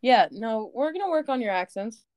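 A woman's voice: a little high, lively intonation, normal speed, darkish tone, no room sound. A young woman from the northern US co-hosting a podcast, teasing her partner in laughing banter. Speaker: podcast co-host. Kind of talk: casual chat.

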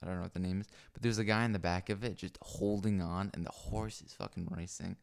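A man rambles to himself on a stand mic in a small home room, crude and full of fillers and false starts. His voice sits low with a gravelly fry running through it. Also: steady tone, fast talker. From lives in Los Angeles. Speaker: solo podcaster. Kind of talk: rambling solo monologue. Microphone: microphone on a stand.

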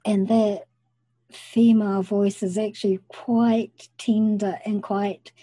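A woman hosting an interview podcast, speaking calmly and in an affirming way. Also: mid-range voice, slow pace, husky, dry recording. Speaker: podcast host.

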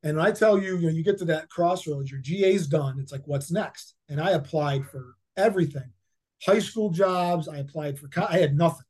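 A man's voice: on the high side, fairly quick, a little mellow. A man in his fifties, a head football coach, telling stories in a casual interview, rambling with many fillers and repeated words. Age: 50s.

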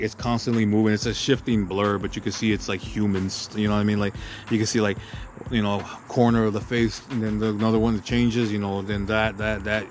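A man's voice: fairly low pitch, a little hiss or hum. Profane ranting man. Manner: crude, heated, rambling with constant filler. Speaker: podcast host.

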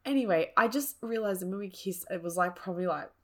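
A woman's voice: medium pitch, expressive, fast talker. A woman co-hosting a podcast, animatedly telling a dating story in casual chat, often laughing and filling with "like" and "um". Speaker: podcast co-host.

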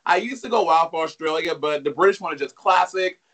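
A man joins over a video call, speaking in a high, bright voice. He is sassy and gossipy, tossing out slangy remarks. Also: brisk. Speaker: guest. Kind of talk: casual chat.

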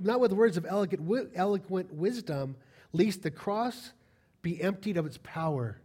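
A man with a notably high voice preaches to his congregation in a church. He talks in a lively, direct way and keeps asking his listeners rhetorical questions. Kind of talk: sermon.

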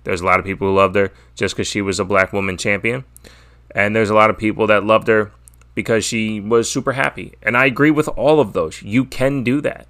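A man's voice: on the low side, fairly even intonation, fairly quick, a bit bright. Opinionated, profane podcast host man. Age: adult, father. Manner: opinionated, profane, rambling with restarts. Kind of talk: casual solo wrestling preview.

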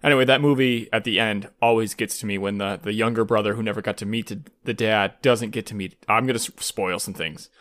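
A man with a Michigan accent co-hosts a podcast in casual chat, speaking emotionally and haltingly with many stops and restarts. His voice is on the low side and a bit bright, with fairly even intonation.

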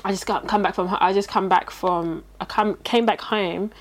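A woman in casual chat, talking quickly and chiming in with agreement. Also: mid-range voice, fairly even intonation, slight background noise. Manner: fast, chatty, agreeing with frequent interjections.

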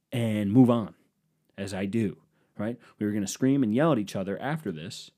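A man's voice: fairly low pitch, warm tone. A man telling a comic personal story in a rambling, profane, self-deprecating way. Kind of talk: casual comedic storytelling.

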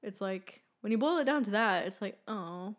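A woman's voice: mid-range voice, lively intonation, a little fast. Chatty young woman podcaster. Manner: chatty, earnest, many fillers, laughs often. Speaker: podcast co-host. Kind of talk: casual chat.

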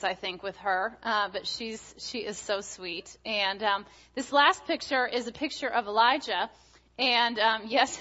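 A woman in her thirties delivers a sermon as a guest speaker. She talks in a chatty, storytelling way, full of fillers and restarts. Her voice is bright and forceful, and the recording sounds dull and lo-fi. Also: on the high side.

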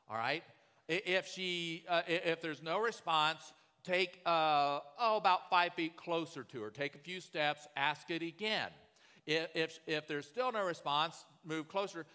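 Pastor, man, conversational preacher with a bright, strong voice, recorded in a reverberant sanctuary. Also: fairly high pitch, unhurried, clean tone. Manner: conversational storytelling, often asks "right?". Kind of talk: sermon.

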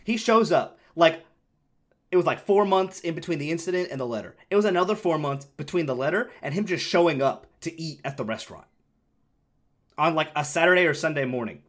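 A young man with an animated delivery, casually telling a story on a podcast, swearing freely and acting out the voices of the people in it. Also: a little high, brisk. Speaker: podcast co-host.

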